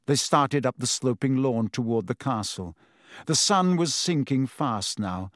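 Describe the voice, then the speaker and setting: A man narrating an audiobook in a measured, steady storytelling manner. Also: mid-range voice, dry recording, clean studio sound. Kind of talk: scripted narration.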